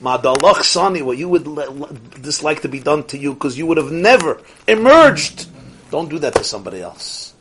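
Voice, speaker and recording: Animated rabbi teaching a Torah lecture. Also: male voice, a little high, moderate pace, background noise. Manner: animated, swings between soft asides and rising exclamations; sprinkles Yiddish and Hebrew terms into English.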